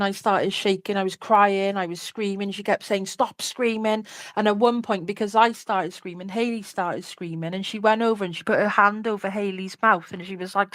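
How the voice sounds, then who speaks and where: A woman's voice: medium pitch, dry recording. A woman, an interview guest candidly recounting a personal story in a chatty way, full of "like" and "you know".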